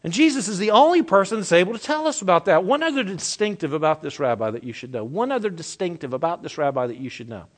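Pastor, male, high-pitched, animated storyteller, moves from loud stress to soft asides. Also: fast, hardly any pauses. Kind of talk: sermon.

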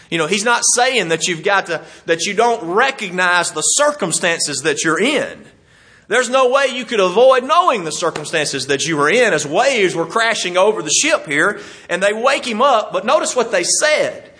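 A man's voice: high-pitched, lively intonation, moderate pace, pushed and bright. A middle-aged man preaching a sermon in a folksy, self-deprecating way, chuckling as he tells stories.

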